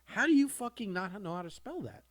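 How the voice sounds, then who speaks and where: A man's voice: high voice, very animated, fairly quick. A man co-hosting a podcast, musing aloud in casual chat with swearing. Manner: rambling, swears, muses aloud. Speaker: podcast co-host.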